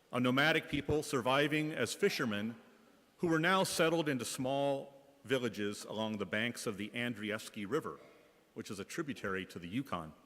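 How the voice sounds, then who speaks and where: Man from the Bay Area, school principal, mid-pitched, wry anecdotal delivery in a church with long reverb. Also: fairly bright tone. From Bay Area, California. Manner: wry, anecdotal, light comic timing. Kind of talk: humorous storytelling reflection in church.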